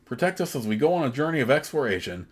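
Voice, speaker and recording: A man's voice: medium pitch, very animated, fast, breathy edge. A man voicing a zealous, endlessly optimistic male pilgrim leader as he reads a video game's dialogue aloud, earnest and pleading.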